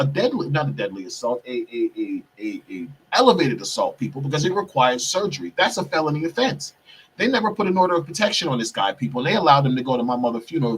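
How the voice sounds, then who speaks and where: Male podcast host, husky tone, a bit off-mic, profane storyteller who keeps saying "people". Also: on the high side. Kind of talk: heated storytelling monologue. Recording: distant mic, husky sound.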